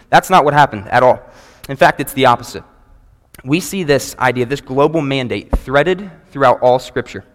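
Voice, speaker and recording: A man, preaching a sermon to a congregation in an earnest, measured way and reading scripture aloud. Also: medium pitch, expressive, fairly bright tone. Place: church sanctuary before a congregation. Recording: long reverb of a large hall.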